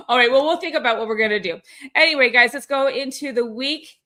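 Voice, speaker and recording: A chatty woman co-hosting a relaxed weekly call, her voice sitting a little high. She runs through the agenda in a loose, upbeat way and laughs easily between points. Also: fast talker. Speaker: co-host of a weekly company call. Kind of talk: casual group chat.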